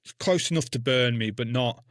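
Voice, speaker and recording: Blunt, swearing ex-soldier. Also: male voice, medium pitch, a little fast, dry recording, clean studio sound. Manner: blunt, heavy swearing, acts out his own past words. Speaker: guest, army veteran. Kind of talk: casual storytelling.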